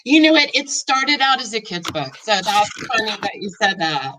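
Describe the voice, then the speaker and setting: A woman who won a writing contest, reading her humorous story aloud with an expressive delivery. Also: medium pitch, normal speed, recorded from a distance, noisy background.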